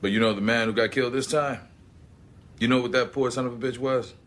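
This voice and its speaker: A man's voice: medium pitch, steady tone, fast talker, a bit bright, close to an everyday voice. A man playing a blunt veteran homicide detective. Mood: insistent. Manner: blunt, insistent, profane.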